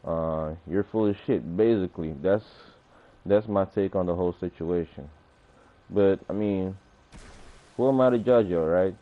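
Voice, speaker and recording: A man's voice: low-pitched, measured pace. A man ranting casually and profanely on a gaming livestream, acting out arguments as he tells a story. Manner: profane, animated storytelling, acts out confrontations. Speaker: gaming streamer. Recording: tinny phone-like audio.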